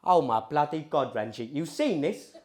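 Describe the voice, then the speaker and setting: A man's voice: a little high, expressive, moderate pace, noisy background, lightly acted. A man playing his first cousin, a blunt young man with a Cockney accent who drawls his words. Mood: sneering. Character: young British-Indian man, blunt and crude.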